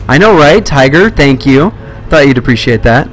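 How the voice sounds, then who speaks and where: A man's voice: mid-range voice, expressive, normal speed, faint music behind. A young man commentating a live horror game stream, jumpy and swearing at scares. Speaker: let's play streamer.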